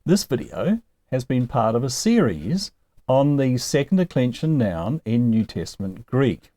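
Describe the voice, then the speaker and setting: A man talks through a lesson at an unhurried pace, his pitch rising and falling a great deal. His voice has a mellow, dark tone, and the sound is dry and close. He keeps asking gently wry rhetorical questions. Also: sing-song, no room sound. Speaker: Greek teacher. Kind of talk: recorded lesson, explaining slowly.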